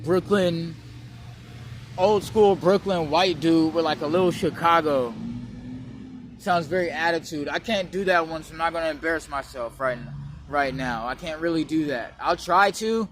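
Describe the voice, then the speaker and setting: Man from West Oakland, rambling profane vlog monologue outdoors, slightly high voice. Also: fairly bright tone, slight background noise. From West Oakland, California. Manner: loose, profane street slang, meandering. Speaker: vlogger.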